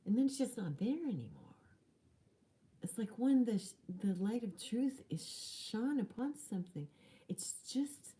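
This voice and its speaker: A woman coach telling a personal story in an animated way, often dropping into hushed, whispery asides. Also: on the high side, normal speed. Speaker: spiritual coach.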